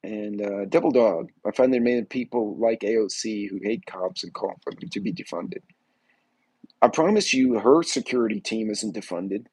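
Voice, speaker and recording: A man's voice: on the low side, moderate pace, a little mellow, husky, no room sound, poor audio. A man hosting a casual livestream, rambling through a story, greeting chat viewers and acting out what people said. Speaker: livestream host.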